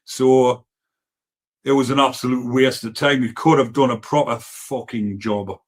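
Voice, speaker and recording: A man's voice: medium pitch, fairly even intonation, a little slow. A man with a Geordie accent hosting a casual live stream, reading viewer comments and talking bluntly, with frequent swearing and rambling asides. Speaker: livestream host reading comments.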